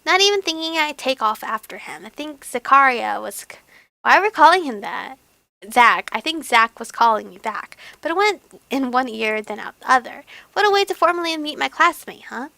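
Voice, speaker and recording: A young woman narrating and commenting on an otome game in a playful, giggly, dramatic manner. Her high voice swoops widely, bright with a gravelly edge, and the recording is close and dry. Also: very animated, normal speed, no echo. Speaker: game streamer.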